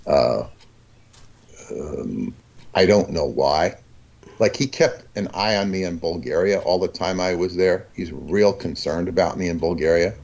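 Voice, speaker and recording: A man talking as a guest in a casual conversation, rambling and halting, with many restarts. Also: deep voice, gravelly, a little mellow, highs cut off.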